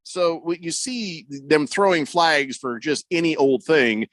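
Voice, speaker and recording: A man's voice: on the high side, measured pace, a bit bright, dry recording. A man hosting a sports radio show, rambling and joking, acting out quotes in mock voices. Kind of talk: casual sports talk.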